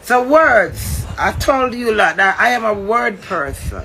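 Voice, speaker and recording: A man's voice: sits high, expressive, slow, vocal fry, pushed and bright, a little hiss or hum. A man with a Jamaican accent delivering a heated, confrontational rant, swearing and lecturing.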